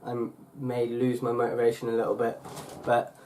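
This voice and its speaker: A man's voice: medium pitch, completely flat delivery, moderate pace, darkish tone, a little hiss or hum. Rambling young man chatting on a vlog. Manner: rambling, full of fillers and restarts. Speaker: YouTuber. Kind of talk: casual vlog chat.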